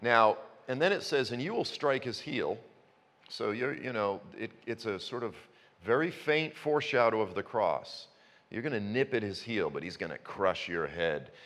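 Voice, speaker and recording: A man in his fifties preaching a sermon, telling stories with self-mocking humor and breaking into sudden high outbursts. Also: expressive, normal speed, a bit bright. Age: 50s. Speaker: pastor. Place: church sanctuary. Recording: long reverb of a church hall.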